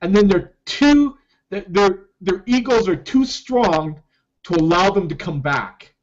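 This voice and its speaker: A middle-aged man in a personal vlog, talking emotionally and haltingly about his own comeback, often repeating himself. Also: sits high, animated. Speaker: network marketer sharing his story. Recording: dull lo-fi recording.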